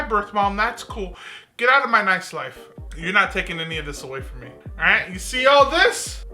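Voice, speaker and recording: A woman's voice: medium pitch, sharp tone. A woman giving sassy, laughing reaction commentary on a video.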